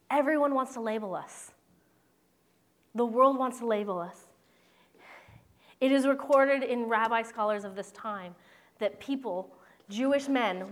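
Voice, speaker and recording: A woman pastor preaching a sermon in an earnest, conversational way with playful asides. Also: on the high side.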